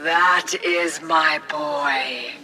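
An imperious, ghostly countess mother in a radio play, speaking slowly and eerily. Her tone is bright and hard. Faint music hangs behind her. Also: low-pitched, fairly even intonation, heavily acted. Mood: eerie. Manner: slow, commanding, eerie.

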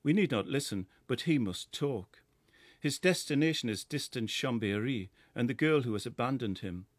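Geordie male narrator, middle-aged, measured lyrical read, mid pitch, dry booth sound. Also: expressive, dry recording. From North East England. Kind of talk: scripted first-person narration.

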